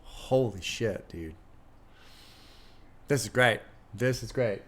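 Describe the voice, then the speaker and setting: A man streaming a first-listen album reaction, chatty and excitable, swearing freely as he thinks out loud to his chat. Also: on the low side, takes it slowly. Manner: excitable, profane, chatty, laughs often.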